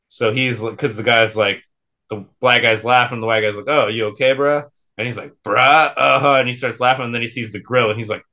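Young guy cohosting a podcast, bright tense voice, swears a ton, chill. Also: medium pitch, dull audio. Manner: laid-back, swears a lot, laughs often. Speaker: podcast co-host. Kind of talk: casual podcast chat.

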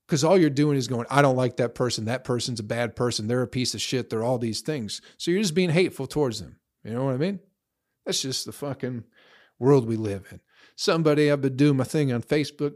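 A man ranting to his social media followers in a heated, profane, rambling monologue. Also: mid-range voice.

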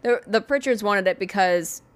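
A woman's voice: mid-range voice, moderate pace, smooth. A woman co-hosting a chatty podcast, retelling a haunting with casual swearing. She rambles into asides, then comes back to the story. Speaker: podcast host telling a true haunting story.

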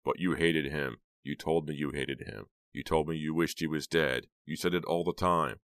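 A man's voice: rumbling low, moderate pace, no echo. A man playing a smug, cold teenage killer. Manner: calm, cold, self-satisfied. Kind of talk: audiobook character voice.

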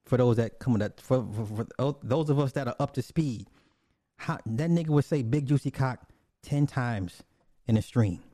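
A man ranting in casual commentary. His voice sits dark and mellow, recorded close and dry with no room sound. He talks bluntly and profanely, repeating himself and restarting lines. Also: medium pitch, moderate pace, no room sound.

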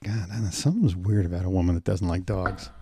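A man's voice: low-pitched, fairly even intonation, fast talker, warm tone, a little hiss or hum. A man co-hosting a podcast, asking questions in easygoing banter and laughing often. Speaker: podcast co-host.

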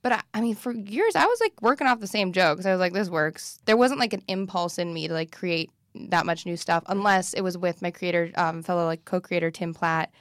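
Woman, comedian, podcast guest, animated, chatty, swears freely, dry close recording. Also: lowish voice, a little fast, hardly any pauses, no room sound. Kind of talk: casual chat.

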